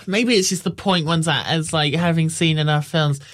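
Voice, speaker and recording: A man's voice: fairly high pitch, normal speed, a bit bright. A man giving a casual spoken film review, wry and rambling, often restarting his sentences.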